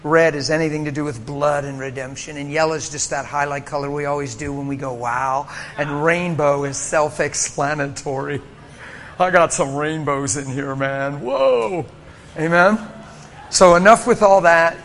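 A man preaching a sermon, telling a story with lively acted-out voices and frequent laughter. His voice sits high and bright, ringing out with long reverb in a church hall with faint ambience behind him. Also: normal speed, a little hiss or hum. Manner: animated storytelling, acts out voices, laughs often. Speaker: pastor.

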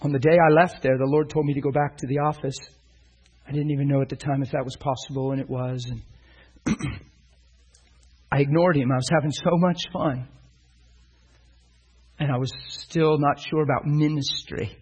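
A man's voice: a little high, steady tone, normal speed, long pauses, darkish tone, husky, poor audio. A middle-aged man preaching, telling a personal story and acting out the dialogue with animation. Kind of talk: sermon storytelling.

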